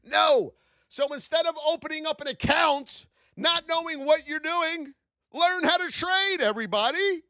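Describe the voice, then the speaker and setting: A man hosting a live-stream trading lesson, animated and full of rhetorical questions, shouting out his viewers. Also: very high voice, a little slow, no echo, studio quality.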